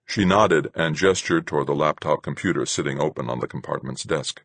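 A man narrating a first-person story in a measured, even storytelling voice. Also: extremely low pitch, dry recording. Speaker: audiobook narrator.

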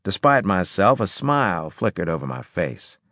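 A man narrating a first-person audiobook chapter in a dry, measured way. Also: deep voice, sing-song, a bit bright, no room sound.

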